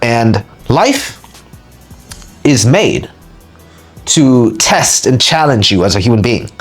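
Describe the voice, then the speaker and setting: Soft music plays behind a man hosting his channel as a spiritual teacher, delivering a motivational lecture. He speaks emphatically and repeats words for punch, in a mid-range, sing-song voice at a slow pace.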